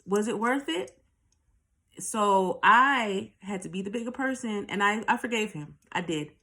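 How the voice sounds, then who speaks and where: In an unhurried, medium-pitched voice with a sharp edge, a channel host tells her own story bluntly and with plenty of profanity. She often repeats a line for emphasis, keeping the storytelling candid.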